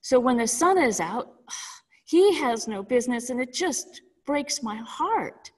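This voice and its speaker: A woman voicing a grieving older mother who is always weeping, speaking softly and slowly. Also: fairly high pitch, animated, in a large hall. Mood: sorrowful.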